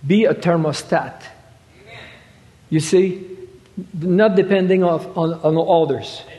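Male preacher. Halting, stop-start delivery with emphatic peaks. Slightly raised pitch, echoing hall. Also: mellow. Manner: halting, repeats words, rises to emphatic quoting. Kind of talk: sermon. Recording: reverberant hall.

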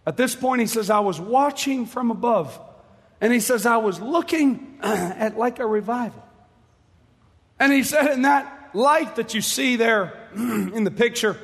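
A man preaching a sermon with passion, moving from quiet, hushed passages to shouted ones. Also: extremely high pitch, expressive, measured pace, vocal fry, big-room sound.

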